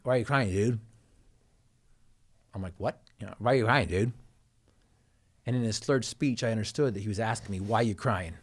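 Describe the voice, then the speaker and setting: A man tells a deeply personal story as a podcast guest. He speaks with earnest intensity and lets his voice sink low and quiet when the moment is heavy. His pitch sits in an ordinary middle range.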